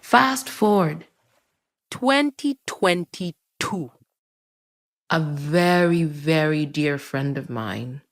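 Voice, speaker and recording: A woman telling a personal story on a podcast in an animated, conversational, self-mocking way. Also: sits low.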